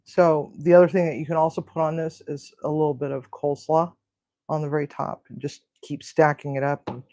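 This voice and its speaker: A woman's voice: deep voice, steady tone, brisk, warm tone, no echo. A woman hosting a casual home cooking video, rambling and chatty, cooing at her pets. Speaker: home cooking show host. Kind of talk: casual cooking and pet chat.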